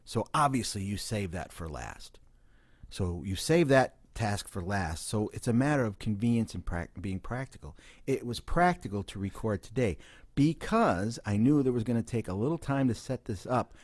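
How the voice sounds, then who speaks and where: A man's voice: on the low side, lively intonation, moderate pace, a little mellow, no room sound. A man hosting a podcast, explaining and reasoning through an argument in casual banter. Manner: explaining patiently, reasoning, building a case. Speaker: podcast host.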